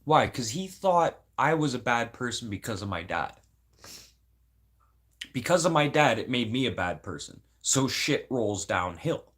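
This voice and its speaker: A man's voice: medium pitch, very animated, measured pace, fairly bright tone. An adult man venting casually to camera, blunt and rambling, swearing constantly and sounding aggrieved. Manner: emotional, aggrieved. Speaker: vlogger.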